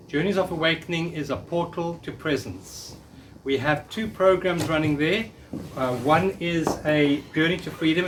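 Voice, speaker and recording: A man's voice: a little high, far from the mic, a little hiss or hum. A man in his fifties giving a live spiritual workshop talk, earnestly coaxing the audience to repeat affirmations after him. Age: 50s. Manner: earnest, coaxing, leads audience call-and-response. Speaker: workshop speaker.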